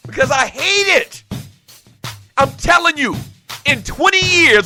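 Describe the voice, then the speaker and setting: A man's voice: very high voice, expressive, slow pace, long pauses, pushed and bright, soft background music. A man hosting a sports talk show, ranting in a fired-up way and repeating himself as he makes his points. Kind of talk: animated sports talk rant.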